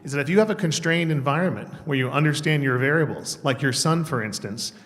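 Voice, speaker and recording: A man's voice: fairly high pitch, fast talker, a bit bright. A man in the audience politely disputing the speaker's point, correcting himself as he goes. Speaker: audience member asking a question. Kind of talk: audience question. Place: conference hall. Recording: hall reverb from a conference room.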